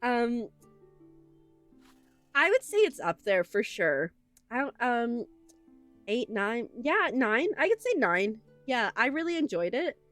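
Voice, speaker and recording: A woman's voice: a little high, big pitch swings, takes it slowly, long pauses, a bit bright, no room sound, soft background music. A young woman streaming a game, chatting casually to viewers in a gushing, emotional way with lots of fillers, close on a desk microphone. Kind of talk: casual livestream chat while playing.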